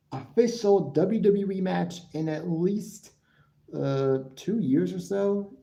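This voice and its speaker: A man's voice: a little high, dark tone, rough recording. A man hosting a live-stream podcast, recapping casually in a rambling way and often repeating himself. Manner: rambling, restarts and repeats words, breaks off to answer chat. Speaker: podcast host.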